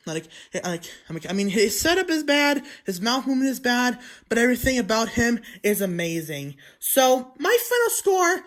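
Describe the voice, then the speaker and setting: A toy reviewer talking through a casual review video, excitable and rambling, with many restarts and frequent throat clearing. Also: mid-range voice.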